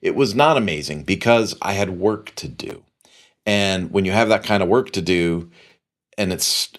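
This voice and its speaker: A middle-aged man hosting a podcast, telling a long story in a casual, rambling way and repeating phrases for emphasis. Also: on the low side. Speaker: podcast host.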